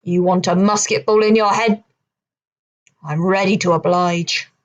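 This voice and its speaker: A woman doing a gruff London sailor with a musket. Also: lowish voice, steady tone, measured pace, highs cut off, natural voice. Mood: menacing. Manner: threatening, shouting down.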